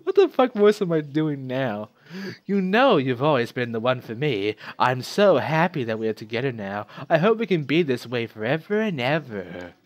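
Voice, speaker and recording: A man's voice: mid-range voice, very animated, normal speed, no echo, lightly acted. Man doing a lovesick schoolgirl voice. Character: lovesick middle school girl writing a letter.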